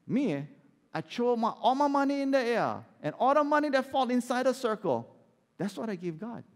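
Brief: man playing a cocky Hawaiian Pidgin local, bragging in pidgin, lively pitch, hall echo. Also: moderate pace, exaggerated voice. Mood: boasting. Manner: casual boasting, pidgin grammar.

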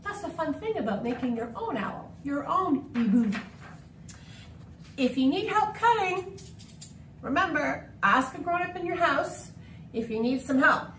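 A woman's voice: sits high, big pitch swings, unhurried, pauses often, a bit bright, far from the mic, a little hiss or hum. A woman talking to children in a bubbly, sing-song way, telling a short story and explaining a craft. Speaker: children's library host. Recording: echoey room, speaker off-mic.

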